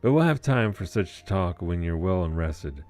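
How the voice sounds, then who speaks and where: Man doing a gruff innkeeper, rough sailor's brogue, very deep, game dialogue read aloud, faint music behind. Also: expressive, normal speed, darkish tone. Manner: put-on rough sailor's dialect with dropped letters. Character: gruff male innkeeper, seafaring guild boss, rough-humored.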